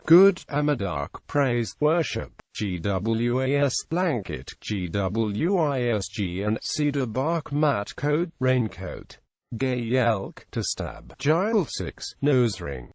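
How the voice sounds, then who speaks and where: A man reads an encyclopedia article aloud at an unhurried pace, his pitch rising and falling a good deal. He spells out words letter by letter in an even, read-aloud manner. The sound is dry, with no room around it. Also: no echo. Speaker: narrator.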